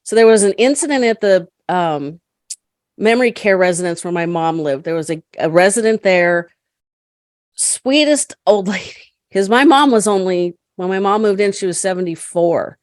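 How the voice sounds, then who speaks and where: A middle-aged woman, a podcast guest, chatting and telling stories in a lively way, laughing often. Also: medium pitch, moderate pace, no room sound, studio quality. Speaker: podcast guest, caregiver advocate. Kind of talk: storytelling in casual conversation.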